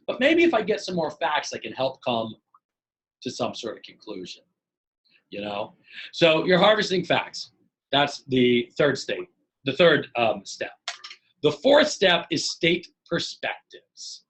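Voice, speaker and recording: A man in middle age teaches a live online leadership session with a slightly high voice. He talks with energy and acts out short exchanges as he explains his points. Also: moderate pace, poor audio. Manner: energetic, animated, acts out dialogue. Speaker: leadership trainer.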